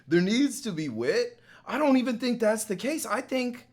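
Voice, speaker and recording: Chatty, lively-voiced streamer guy. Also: very high-pitched, moderate pace. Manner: loose, slangy, laughs often, lots of fillers. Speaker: streamer reacting to a video. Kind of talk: casual chat.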